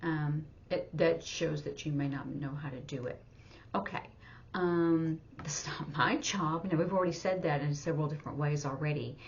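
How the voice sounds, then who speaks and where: A woman teaching sign language in a casual, halting way, thinking aloud with many fillers as she explains. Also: low voice, steady tone, darkish tone. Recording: dull lo-fi sound with faint noise.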